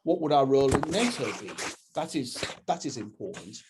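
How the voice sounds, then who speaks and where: A man's voice: mid-range voice, sing-song, brisk, heavy background noise. An Englishman with an English accent, giving an earnest, opinionated political talk over a video call, with frequent restarts. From England. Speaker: campaigns head speaking at a webinar.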